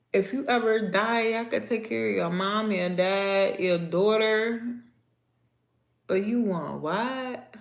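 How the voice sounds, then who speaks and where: Sassy woman ranting in an echoey room. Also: medium pitch. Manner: animated, sassy, talks straight to viewers. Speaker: livestream host. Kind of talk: casual livestream rant.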